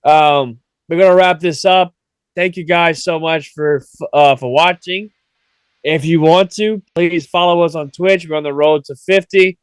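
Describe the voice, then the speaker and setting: A man's voice: on the high side, measured pace, clean tone, dry recording. A man hosting a podcast in casual chat, sleepy and yawning, rambling in a laid-back way. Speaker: podcast host.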